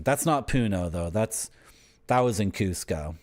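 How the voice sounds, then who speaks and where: A young man chats to his live-stream audience. His voice sits a little low, but he bounces it up and down with lively swings. He teases his viewers and rambles from one joke to the next. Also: a little slow. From Canada. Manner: joking, teasing, rambling banter with chat. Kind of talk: casual live-stream chat.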